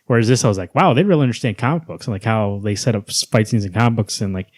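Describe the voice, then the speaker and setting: A man's voice: on the low side, no echo. A man co-hosting a podcast, chatting casually about comic book movies and acting out quotes. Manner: rapid, animated, acts out quotes. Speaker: podcast co-host.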